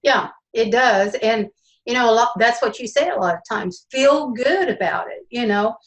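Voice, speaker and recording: A woman's voice: on the high side, lively intonation, normal speed, rough recording. A woman guest who trains horses, talking casually and a bit ramblingly with some restarts. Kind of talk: casual chat.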